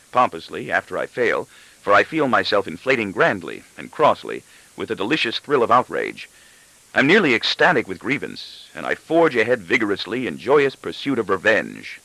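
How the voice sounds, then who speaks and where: A man reading a first-person novel aloud as audiobook narration, expressive and even-paced. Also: fairly low pitch, normal speed, creaky, no room sound, low-quality recording. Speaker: audiobook reader.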